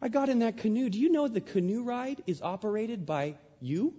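A man's voice: moderate pace, husky. A man preaching a sermon, telling a story and acting out the lines he quotes with big jumps in his voice. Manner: animated, acts out quotes with big pitch jumps. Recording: dull sound in a large hall.

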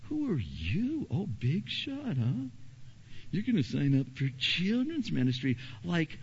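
A man's voice: on the high side, huge pitch swings, slow pace, husky, muffled recording, voice pushed up, full character voice. A man doing a sneering, taunting tempter spirit. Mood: mocking. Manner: taunting, scornful.

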